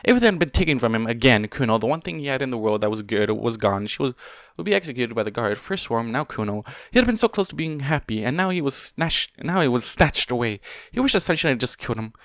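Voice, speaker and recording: A man's voice: mid-range voice, animated, fast, few pauses, no echo, clean studio sound. A young man reading fan fiction aloud, breaking off to swear and rant at the characters.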